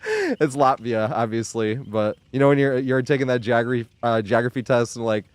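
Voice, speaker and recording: A man in his thirties from the New York area rambles to a live stream audience. He laughs often and swears freely, keeping his voice at an ordinary middle pitch. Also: level tone, brisk, darkish tone, smooth. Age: 30s. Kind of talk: casual live-stream chat.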